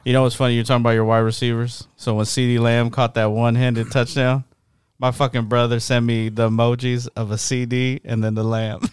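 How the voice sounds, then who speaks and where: A man's voice: mid-range voice, flat delivery, brisk, clean tone. A man co-hosting a casual podcast chat in a laid-back, easygoing way.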